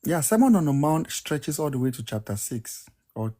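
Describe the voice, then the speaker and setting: A man's voice: fairly high pitch, big pitch swings, moderate pace, mellow. A man in a casual debate on a podcast, explaining and defending his view in an earnest way. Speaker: podcast co-host.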